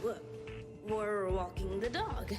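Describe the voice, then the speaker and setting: An actress playing a composed young woman in a game who talks calmly and firmly, with the odd sigh. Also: medium pitch, slow pace. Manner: calm, sighing, firm. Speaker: game character. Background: game music.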